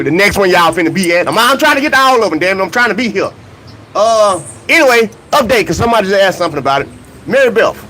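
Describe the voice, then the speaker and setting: A man's voice: sits high, a bit bright, a little hiss or hum, low-quality recording. A man hosting a casual livestream vlog about track and field, greeting chat viewers by name and talking in loose slang. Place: outdoors near a hotel, humid weather.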